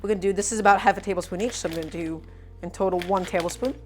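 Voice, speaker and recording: A woman's voice: on the low side, steady tone, rapid-fire, darkish tone, soft background music. A woman streaming a live cooking demonstration, talking animatedly to viewers as her friends and repeating her points with emphasis. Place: home kitchen.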